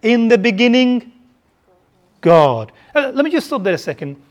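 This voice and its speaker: A preacher from Birmingham, England, with a softened Birmingham accent, delivering a sermon and putting questions to the congregation, often repeating words while thinking. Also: mid-range voice, sing-song, normal speed. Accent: softened Birmingham English.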